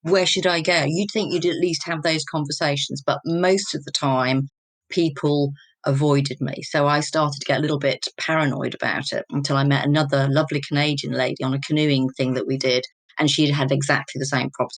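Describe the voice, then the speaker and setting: Here a woman from England, in her fifties, recounts personal stories openly and reflectively as an interview guest. She talks fairly quickly in a low, steady voice, and there's no room sound.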